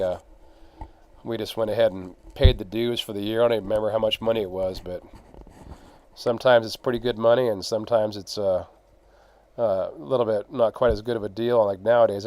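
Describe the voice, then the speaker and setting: A man's voice: lowish voice, a little mellow. A man casually narrating his own gold prospecting photos, rambling with fillers and laughs. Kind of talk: casual storytelling.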